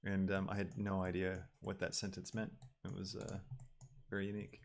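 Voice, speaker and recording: A man livestreaming his 3D work, casually thinking aloud and pausing with ums as he goes. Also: sits low, completely flat delivery, creaky, a little hiss or hum. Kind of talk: casual livestream talk while working.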